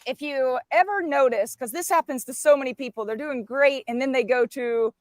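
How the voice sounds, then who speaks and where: A woman coach chatting on a live video call, telling animated stories with playful asides. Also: sits high, normal speed. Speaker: carnivore diet coach. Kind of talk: casual live-stream chat.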